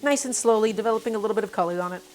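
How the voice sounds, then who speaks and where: A woman's voice: medium pitch, very fast, darkish tone. A woman hosting a casual cooking live stream, talking through each step and greeting her viewers by name. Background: faint music and sizzling pan.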